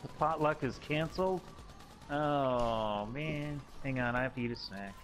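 A man's voice: mid-range voice, measured pace, soft background music. Man in a middle voice organizing teammates. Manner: organizing, reminding others. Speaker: gamer. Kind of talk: casual gaming chat.

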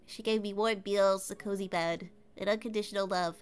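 A woman's voice: mid-range voice, steady tone, fairly quick, clean tone, faint music behind, lightly acted. A woman voicing a young male stray cat in a game, cutesy and earnest, telling his past. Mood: wistful.

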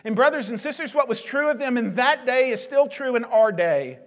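A man's voice: very high voice, expressive, moderate pace, fairly bright tone. A male pastor preaching a sermon, earnest and emphatic, pleading with his listeners. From United States.

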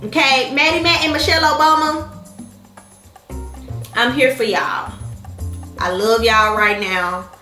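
A sassy woman with a high, bright voice, dishing out her reactions straight to her viewers. She talks at an unhurried pace in an echoey room, with faint music playing behind her. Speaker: reaction vlogger. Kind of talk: animated reaction vlog.

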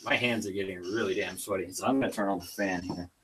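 A man livestreaming a fighting game, swearing and yelling outbursts between muttered comments. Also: sits low, fast talker, far from the mic, heavy background noise.

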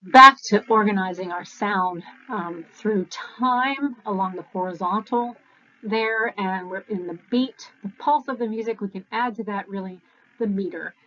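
A woman's voice: medium pitch, a bit bright, muffled recording. A woman giving a recorded university lecture in a conversational way, correcting herself as she goes and counting beats aloud.

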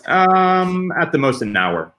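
A man speaking as a pitmaster guest in a casual panel discussion. He explains things in a relaxed way with frequent fillers. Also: on the high side, takes it slowly.

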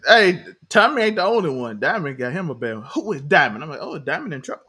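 A young man co-hosting a casual TV recap chat, animated and laughing often, acting out the characters' lines. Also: on the high side, fast talker, husky. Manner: animated, laughing, acts out quotes in character voices. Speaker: show co-host.

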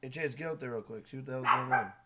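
A man live-streaming a video game, loud and casual, swearing often and scolding his son between comments to the chat. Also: medium pitch, quick pace, heavy background noise. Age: adult with a school-age son.

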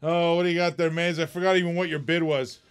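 A man's voice: on the high side, little pitch movement, quick pace, clear, resonant tone. Chatty man hosting a live auction. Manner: chatty, laughs often, teasing the bidders. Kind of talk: casual live-stream auction chat.

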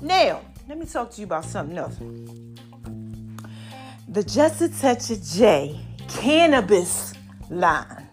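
A woman hosting her own podcast, talking in an animated, drawn-out style full of "baby" and "y'all", her voice a little strained from allergies. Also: medium pitch, faint music behind. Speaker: podcast host. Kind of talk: solo podcast talk.

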